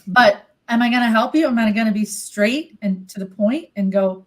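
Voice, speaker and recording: A middle-aged woman talks in a lively, candid way, slightly higher in pitch than most. She chats casually as a healer, swears offhandedly and acts out her inner voice in quick little quotes. Frank and easygoing. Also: low-quality recording. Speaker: co-host, healer. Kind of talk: casual live-stream chat.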